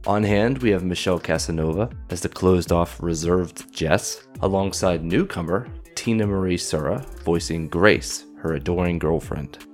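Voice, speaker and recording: A man's voice: low-pitched, normal speed, soft background music. A man hosting a drama show, giving a friendly, announcer-like scripted introduction. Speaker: show host.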